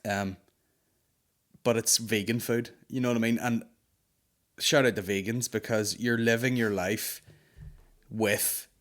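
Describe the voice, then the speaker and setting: A man's voice: lowish voice, steady tone, measured pace, long pauses, a bit bright. A man hosting a comedy podcast, telling a story in an exasperated, sweary ranting way. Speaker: podcast host. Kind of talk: comic storytelling rant.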